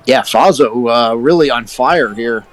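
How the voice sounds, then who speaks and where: A man giving relaxed color commentary on a basketball game, with frequent filler words. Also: medium pitch, measured pace, music in the background, poor audio.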